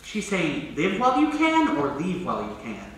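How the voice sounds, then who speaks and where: A man's voice: on the high side, expressive, moderate pace, bright, forceful tone. A man playing a wistful middle-aged narrator in an amateur stage musical, musing aloud and confiding in the audience. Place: school theatre stage. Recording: echoey theatre from far off.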